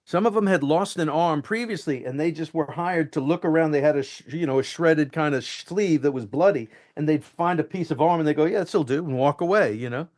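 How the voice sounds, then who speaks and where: Animated male actor telling set stories. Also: a little high, brisk, few pauses. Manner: animated, acts out quotes and lines. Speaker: actor guest. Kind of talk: anecdotal interview storytelling.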